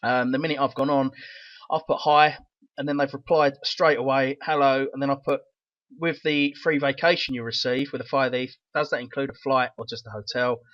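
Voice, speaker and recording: A man's voice: medium pitch, level tone, fairly quick, fairly bright tone, no echo. A man with a Cockney accent and a rattly voice, hosting a casual vlog with an enthusiastic, rambling manner. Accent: London Cockney. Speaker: crypto channel host. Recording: dull, lo-fi dry sound.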